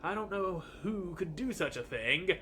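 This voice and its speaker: A humble working engineer , as a man puts him on, folksy and courteous, with a fairly high, bright voice. His delivery is easy and plain-spoken. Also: animated, unhurried, a little hiss or hum, heavily acted. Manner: folksy, polite, calls her miss.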